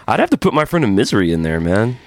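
A man's voice: lowish voice, very animated, quick pace, darkish tone, no echo. A man co-hosting a podcast in casual chat, joking around and reading listener emails aloud. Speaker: podcast co-host.

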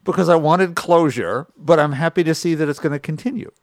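Podcast guy, bit higher voice, wry and amused, dry sound. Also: fairly quick, dry recording. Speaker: podcast co-host. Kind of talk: casual chat.

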